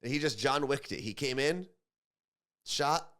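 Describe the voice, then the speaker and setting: Male co-host for casual morning banter, chatty and opinionated, mid-pitched. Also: lively intonation, unhurried, a bit bright. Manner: chatty, opinionated, repeats words while thinking. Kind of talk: casual radio show banter.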